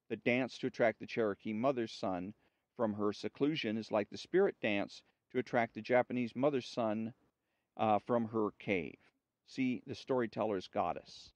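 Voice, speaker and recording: A man reading a story aloud in a slow, measured way, with small slips now and then, on a dull dry recording. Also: lowish voice, darkish tone, no room sound.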